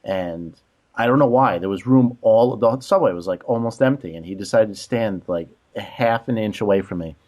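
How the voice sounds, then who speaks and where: At a moderate pace, this podcast co-host's lowish, darkish male voice recounts rude strangers with exasperation. His casual storytelling leans heavily on "like."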